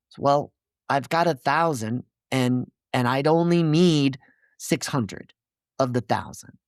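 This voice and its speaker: A man with a mid-range voice speaks as a podcast guest, laying out his ideas step by step like a teacher. He keeps checking in with his listener. The recording is dry and close, with no room echo. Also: medium pitch. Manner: didactic, checks in with "okay?" and "right?". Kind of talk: earnest explanatory conversation.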